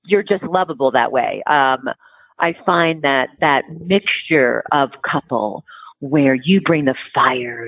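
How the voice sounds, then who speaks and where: A woman's voice: a bass voice, dry recording. A woman in her forties, a relationship expert talking in a frank, blunt, philosophical way as an interview guest. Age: 40s. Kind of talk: casual interview chat. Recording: tinny phone-like line, dry.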